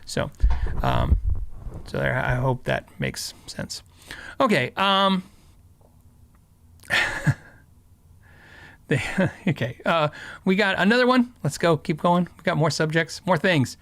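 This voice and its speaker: Here the middle-aged Arizona livestream host sounds a little high and very animated, speaking slowly with frequent pauses in a slightly bright voice, with no room sound. He rambles through casual stories, leaning on fillers and restarts and laughing a lot.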